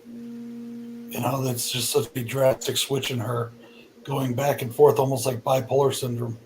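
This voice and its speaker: A man's voice: mid-range voice, unhurried, a little mellow, slight background noise, low-quality recording. A man hosting a casual podcast chat, rambling with lots of fillers. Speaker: podcast host.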